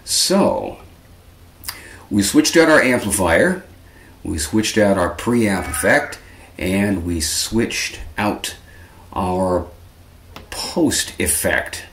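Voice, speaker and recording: A man's voice: deep voice, lively intonation, drawn-out words, pauses often, a bit bright, echoey room. A man hosting a casual guitar amp tutorial, chatty and self-correcting with dry little asides. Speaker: guitar lesson host.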